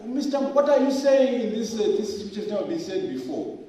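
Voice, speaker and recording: A man doing a stuffy examiner, high and drawn out, ringing through an echoey hall from far off. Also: animated, brisk, dark tone. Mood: mock-grave. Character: pompous formal academic examiner.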